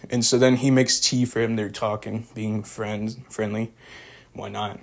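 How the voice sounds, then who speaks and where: Rambling young man, low voice. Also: level tone, a little slow, gravelly. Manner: rambling, filler-heavy, slangy. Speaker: reviewer. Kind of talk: casual spoken recap and review.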